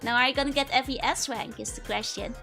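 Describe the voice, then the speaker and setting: A woman streamer chats casually with her viewers, her squeaky, hamster-like voice sitting very high. She giggles often and keeps the talk light and rambling. Faint music plays underneath. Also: fairly even intonation, fast, vocal fry, sharp tone. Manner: giggly, chatty. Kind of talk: casual live-stream chat.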